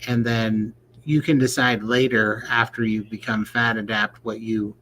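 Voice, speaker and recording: A man's voice: fairly low pitch, little pitch movement, unhurried, fairly bright tone, slight background noise, poor audio. A man co-hosting a casual livestream chat, joking in a folksy way and reading viewer questions aloud. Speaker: podcast co-host.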